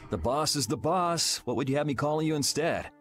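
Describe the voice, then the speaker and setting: A man's voice: a little high, lively intonation, fairly quick, faint music behind, natural voice. An actor playing a sardonic young swordsman in a video game, dry and blunt. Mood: encouraging.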